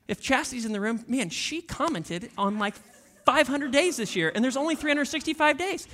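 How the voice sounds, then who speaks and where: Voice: high voice, expressive, fairly bright tone. Pastor preaching in a casual, chatty way. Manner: casual, conversational preaching to the congregation; acts out listeners' voices in quick asides. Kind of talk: sermon. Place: church.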